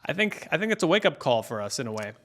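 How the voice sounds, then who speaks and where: A man's voice: a little high, very animated, fast, fairly bright tone. A man co-hosting a podcast in casual chat, earnest, reading out quotes and hedging with "I think". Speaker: podcast co-host.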